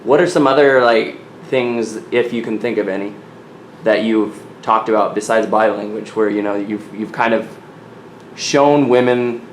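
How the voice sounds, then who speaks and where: Man, low voice, hesitant question, echoey room. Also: moderate pace, a little hiss or hum. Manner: hesitant, filler-heavy questioning. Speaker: audience member asking a question. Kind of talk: casual question.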